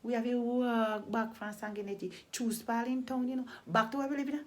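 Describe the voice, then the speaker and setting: A woman from Jamaica with a Jamaican accent, telling a story in a deliberate way and repeating phrases for emphasis. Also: a little high, fairly even intonation. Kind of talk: oral storytelling.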